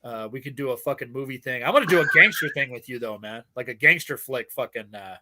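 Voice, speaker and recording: A man's voice: mid-range voice, fast, bright, forceful tone. A man hosting a podcast, chatting casually and telling rambling, profane stories with lots of laughter. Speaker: podcast host. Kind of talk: casual chat.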